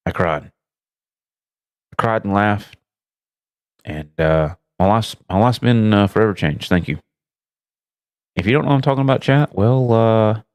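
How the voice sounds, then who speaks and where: A man hosting a casual live stream, loudly greeting his chat with rambling, profane, self-mocking asides. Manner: greets chat loudly with big swooping pitch jumps. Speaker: livestream host.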